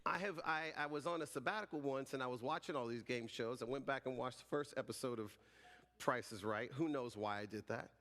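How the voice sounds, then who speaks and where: A man in his forties, a pastor giving a sermon as an animated, joking storyteller. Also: mid-range voice, a little fast, a little hiss or hum. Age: 40s. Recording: reverberant hall.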